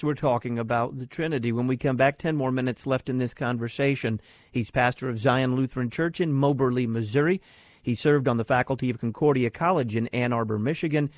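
A male radio host introduces his guest and reads out listener questions with deliberate, polished timing. The studio sound is dry and close, slightly dull. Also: medium pitch, no room sound. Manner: crisp, deliberate broadcast delivery. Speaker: radio talk show host. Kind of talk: radio hosting and announcements.

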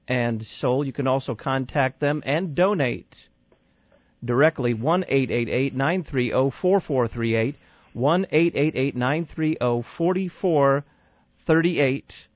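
A man hosting a radio interview, measured, posing questions and reading out contact details. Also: mid-range voice, no echo, muffled recording. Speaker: radio host.

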